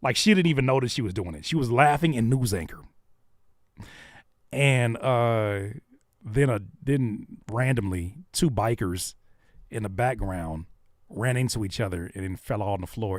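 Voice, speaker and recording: A man's voice: on the low side, animated, normal speed, dry recording, studio quality. A man hosting a live stream, chatting casually and talking straight to his viewers. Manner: laid-back, talks to chat directly. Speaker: host.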